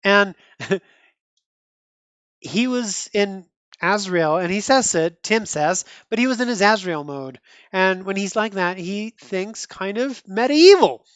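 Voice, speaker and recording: Casting: a rambling comic podcast host, 30s or older, average pitch, dry close sound. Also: lively intonation, slow, no echo. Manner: chatty, rambling, frequent restarts and laughs. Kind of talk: casual commentary reviewing a comic.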